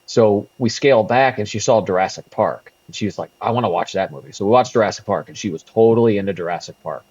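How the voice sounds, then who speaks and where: A man's voice: lowish voice, fast talker, a little mellow, husky, dry recording, dull audio. A man in his thirties co-hosting a casual podcast, laughing often and stammering through restarts. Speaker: podcast co-host. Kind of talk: casual chat. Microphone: remote call mic.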